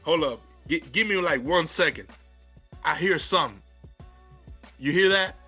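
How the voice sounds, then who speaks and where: A man's voice: a little high, unhurried, pushed and bright, husky, soft background music. A young man co-hosting a podcast, hyped, boastful and playful in casual sports chat. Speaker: podcast co-host.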